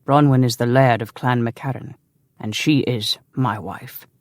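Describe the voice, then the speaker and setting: A proud young English knight, stiff and fierce, who answers in short clipped words, as a male narrator reads him. The voice has a gravelly texture in a dry, close sound. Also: mid-range voice, fairly even intonation, a little slow, no echo, lightly acted. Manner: terse, clipped.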